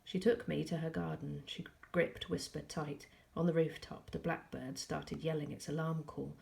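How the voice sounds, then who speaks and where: Low, gravelly woman reading aloud. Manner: calm, measured narration with soft asides. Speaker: teacher. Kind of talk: reading a novel aloud to pupils.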